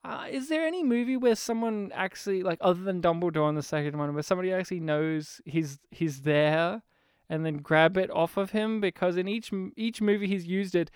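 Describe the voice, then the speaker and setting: A man co-hosting a podcast in casual chat, animated and full of questions. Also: sits high, brisk, clear, resonant tone, dry recording, clean studio sound. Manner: animated, asks lots of questions. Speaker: podcast co-host.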